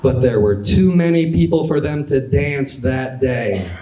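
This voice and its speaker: A young man in his twenties doing a stand-up comedy set with a dry, deadpan delivery in a club. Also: medium pitch, measured pace, very noisy. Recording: echoey club with audience laughter. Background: crowd laughter.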